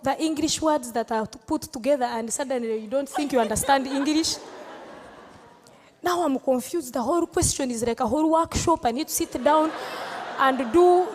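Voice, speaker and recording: A woman's voice: high voice, brisk, darkish tone, in a large hall, slight background noise. A Ugandan woman comedian answering audience questions on stage, playful and teasing, laughing often. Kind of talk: live Q&A on stage.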